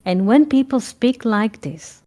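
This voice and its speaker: A woman giving a reflective spiritual talk, often pausing to search for words. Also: on the high side, animated, warm tone. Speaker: spiritual teacher.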